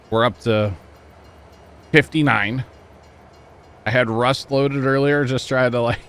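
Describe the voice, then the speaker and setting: A man's voice: mid-range voice, a bit bright, a little hiss or hum. A young man hosting a gaming livestream, chatting casually and a bit ramblingly with friends and viewers from a cold room at home. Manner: laid-back, rambling, chatting with friends and chat. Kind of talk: casual chat with stream viewers.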